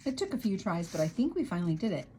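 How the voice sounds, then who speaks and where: A woman voicing a cheerful young girl inventor who speaks with bright eagerness. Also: medium pitch, sing-song, fast talker, slight background noise, close to an everyday voice. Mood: proud. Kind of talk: storybook character reading.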